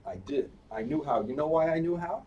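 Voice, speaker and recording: Elderly cantor telling a playful sermon story. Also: male voice, a little high, expressive, fairly quick, muffled recording. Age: 80s. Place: synagogue sanctuary during a service. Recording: distant live-stream audio with faint background noise.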